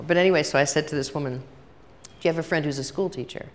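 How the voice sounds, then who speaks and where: A woman's voice: low voice, fast talker. An older woman giving a chatty workshop talk to a live audience, telling stories and acting out both sides of conversations. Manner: chatty storytelling, acts out dialogue. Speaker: workshop speaker. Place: large hall with audience. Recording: long reverb of a hall.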